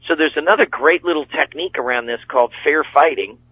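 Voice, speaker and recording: A man's voice: on the high side, quick pace, slightly rough. A middle-aged man, a seminar speaker and coach, talking as a radio guest in a folksy, rambling way, with fillers and acted-out quotes. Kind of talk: guest talk on a radio show. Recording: dull lo-fi radio audio.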